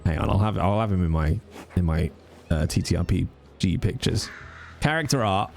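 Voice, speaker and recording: A man's voice: sits low, animated, normal speed, gravelly, a little mellow, a little hiss or hum. A man streaming, chatting casually in a rambling way and swearing freely. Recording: music playing behind.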